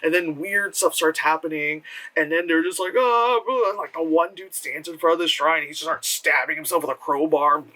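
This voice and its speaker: A man giving a rambling, profane movie review, full of fillers and quick exaggerated impressions of the characters. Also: on the high side, fairly even intonation, pushed and bright, far from the mic, poor audio. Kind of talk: casual film review monologue. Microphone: camera with a flash.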